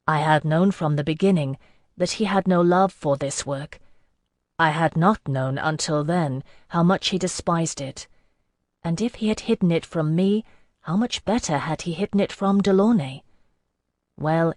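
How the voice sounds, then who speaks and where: A narrator reads a fantasy novel in the first person, measured and even. The pitch sits mid-range, and the close, dry recording has no room sound at all. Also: no room sound. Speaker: audiobook narrator.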